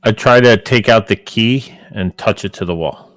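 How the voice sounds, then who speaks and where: A man's voice: fairly low pitch, normal speed, fairly bright tone, dry recording. A man playing a tabletop game, chatting casually and joking with many fillers. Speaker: player.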